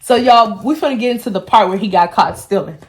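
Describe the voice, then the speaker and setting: A woman in her twenties telling a storytime vlog, animated and full of profanity as she gossips. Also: medium pitch, fast. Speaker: beauty vlogger.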